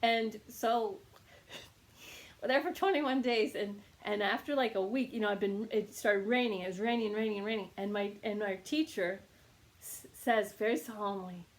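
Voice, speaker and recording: A woman reiki teacher telling a casual teaching anecdote, animated and laughing often. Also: mid-range voice, moderate pace. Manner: animated storytelling with frequent laughs.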